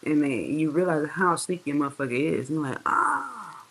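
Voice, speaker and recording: A tarot reader gives a loose, profane reading, full of slang and talking right to the audience. Key words get stretched out slowly for weight, and the voice sits at an ordinary middle pitch. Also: rough recording. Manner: slangy, profane, chatty, addresses viewers directly; drawls words out slowly for emphasis. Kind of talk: casual tarot reading monologue.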